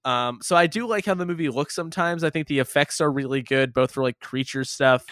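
A man's voice: a little high, fairly quick, no echo, studio quality. A man co-hosting a casual movie review chat who jokes and laughs a lot. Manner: animated, laughs often, jokey asides. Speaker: podcast co-host.

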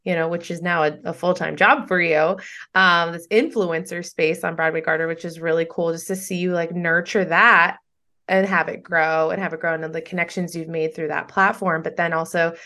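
Woman host gushing encouragement, bright voice. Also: fairly low pitch, little pitch movement, fairly quick. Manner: warm, encouraging, effusive. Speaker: podcast host. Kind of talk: casual interview chat.

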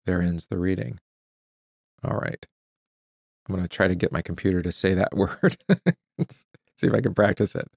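A man with a lowish, gravelly voice reads scripture and then walks through a catechesis lesson. He asks his listeners questions and answers them himself, now and then tripping over a hard word. The sound is close and dry. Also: steady tone, normal speed, pauses often, no room sound. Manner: stumbles over hard words and restarts them. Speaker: Bible teacher.

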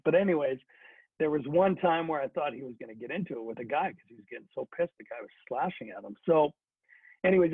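Husky middle-aged man telling stories. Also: mid-range voice, no room sound. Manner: chatty, with many fillers and restarts. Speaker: former hockey player, guest. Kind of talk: casual storytelling. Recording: dry phone-like sound.

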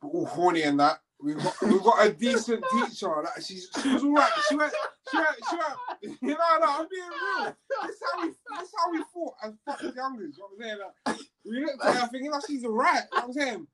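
A young man with telling a school story in casual chat, setting the scene slowly and laughing often. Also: extremely high pitch, lively intonation, crowd noise, low-quality recording.

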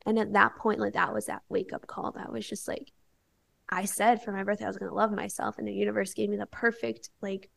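A young woman speaks as a podcast guest, sharing a personal story in relaxed, candid chat. Her voice has a strong gravelly fry at mid pitch, and she leans on "like" between phrases. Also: a little fast. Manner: candid storytelling, many filler "like"s. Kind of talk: casual chat.

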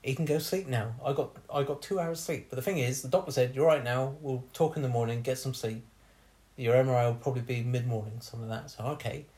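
A young man tells a rude, funny story to his co-hosts. He keeps laughing and bursts into lively retellings of what everyone said. His voice sits at an ordinary pitch. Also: fast. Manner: laughs often, bawdy, animated retelling. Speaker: podcast host telling a story. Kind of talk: casual comic storytelling.

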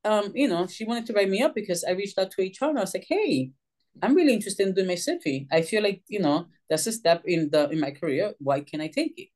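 A woman's voice: mid-range voice, lively intonation, very fast, darkish tone. A woman social worker from Puerto Rico, telling her story as a podcast guest in a chatty way, full of "you know" and "um". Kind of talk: casual storytelling.

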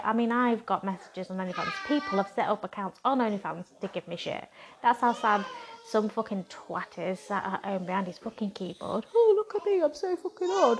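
A woman talks straight to her audience in a casual monologue. She is blunt and defiant and swears freely. Her voice sits at a middling pitch. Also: a little hiss or hum. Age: 30s. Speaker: content creator.

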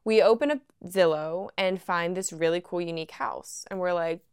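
A young woman tells her story in a chatty, animated way, laughing easily as she goes. Her voice is smooth and clear. The sound is dry and close, with no room echo. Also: fairly low pitch, moderate pace, few pauses. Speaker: podcast host. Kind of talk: casual storytelling. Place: at home.

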